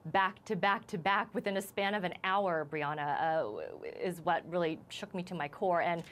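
Shaken woman telling her story haltingly. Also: fairly low pitch, fairly bright tone. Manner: halting, many restarts. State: shaken, emotional. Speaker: news reporter as guest. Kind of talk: live TV interview, recounting.

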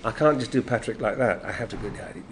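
An older Yorkshireman chats as the guest in an interview, slipping into the voices of people he quotes and laughing between lines. His voice sits low, and a faint hum of a convention room lies under it. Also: fast. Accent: Yorkshire English. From Yorkshire, England. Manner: lively storyteller, acts out quotes, laughs often. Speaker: guest actor. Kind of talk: anecdotal interview chat.

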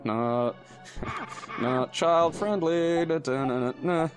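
A man's voice: fairly high pitch, takes it slowly. A young man giving casual let's play commentary. He swears freely and laughs often. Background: game music.

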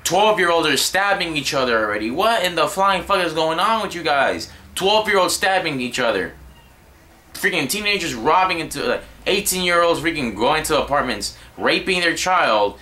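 A man's voice: on the high side, pushed and bright. A young man giving a rambling, exasperated vlog rant, swearing constantly. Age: young adult. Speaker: vlogger. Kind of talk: profane ranting commentary.

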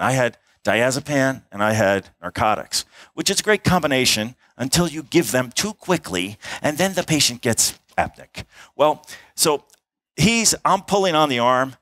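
A man's voice: mid-range voice, fairly bright tone, no echo. A middle-aged man, an emergency doctor, giving a conference talk, telling a case story with acted-out dialogue and sounds. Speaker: emergency physician and airway instructor. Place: conference hall.

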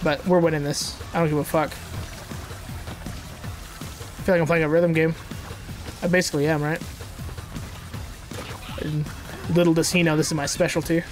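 Gamer, let's-play commentary, mid pitch, profane, boastful, excitable outbursts, faint game music underneath. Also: a little fast, pauses often. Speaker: gamer playing through a platform game.

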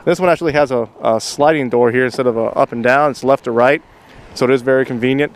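Outdoors at a car lot, a male salesman with a medium-pitched, clear, resonant voice talks fast as he walks a buyer around a used car. He keeps saying "very, very" and calls the buyer "sir" in this vehicle walkaround video. The outdoor recording is noisy.

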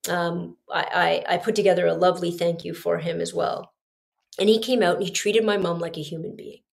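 A woman's voice: fairly low pitch, little pitch movement, a little fast, creaky. A middle-aged woman, hosting a podcast and telling a personal story in an earnest, confiding way, speaking straight to her listeners. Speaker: podcast host.

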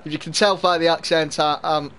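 His voice is on the high side, steady, brisk, and a bit bright, with a touch of hiss or hum in the audio. He's a young gaming streamer from Liverpool, England, with a mild Scouse accent, commentating a football game live while laughing often and chatting with viewers.

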